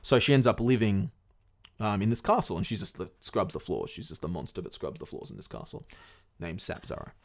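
A man's voice: fairly low pitch, animated, brisk. A man casually retelling a fairy tale to his podcast co-host, rambling and swearing along the way. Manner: rambling, swears often, many fillers.

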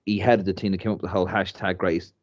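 A man talks football in a loose, rambling way, tripping over restarts and circling back to his point. His voice sits fairly low. The sound is a little dull and lo-fi. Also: racing. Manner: rambling, animated, many restarts. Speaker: podcast co-host. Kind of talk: casual football chat.

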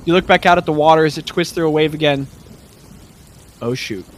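A man narrating as game master for a tabletop game, animated and laughing often, dropping low and hushed for tension. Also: very fast, slight background noise.

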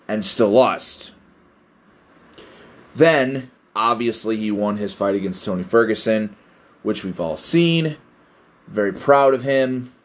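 A young man rambles through a solo podcast at an unhurried, drawn-out pace. His voice sits in a middle pitch, and he swears freely and pokes fun at himself as he drifts between stories. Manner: rambling, heavy cussing, self-deprecating. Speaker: podcast host. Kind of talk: casual solo podcast rant.

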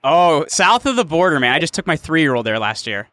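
A man's voice: fairly high pitch, big pitch swings, fairly quick, pushed and bright. A man hosting a podcast interview, chatty and friendly, often calling his guest "man.". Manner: friendly, says "man" a lot. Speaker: podcast host. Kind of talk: casual interview chat.

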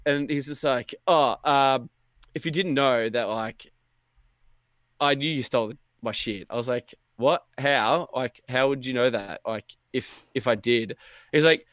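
Young male podcast co-host, casual and animated storyteller, dry close sound. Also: medium pitch, unhurried, dry recording. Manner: animated, swears a lot, acts out quotes.

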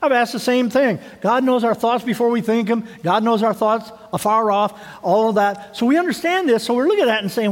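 High-voiced preacher in a reverberant hall. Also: male voice, a little fast, hardly any pauses. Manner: conversational preaching with rhetorical questions and repeated words. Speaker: pastor. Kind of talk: sermon. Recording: long reverb of a church hall.

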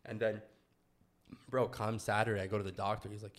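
A man's voice: fairly low pitch, little pitch movement, a little fast, pauses often. A young man from Canada telling a personal story in casual podcast chat, loose and full of slang and swearing. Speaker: guest telling his story.

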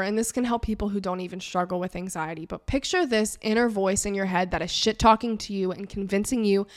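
Frank, profane young woman podcaster. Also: mid-range voice. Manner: frank, profane, animated, acts out imagined dialogue. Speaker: podcast host and life coach. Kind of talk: casual advice monologue.

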